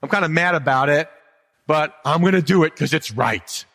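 A man playing a grudging churchgoer, sulky and reluctant, grumbling about his duty. His voice sits a bit high and echoes through a long hall reverb. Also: animated, normal speed, fairly bright tone.

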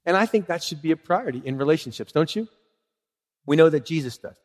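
A man preaching a sermon to his congregation, lively and conversational, acting out short exchanges in different voices. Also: fast, in a large hall. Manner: animated, acts out little dialogues with swooping pitch. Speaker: pastor.

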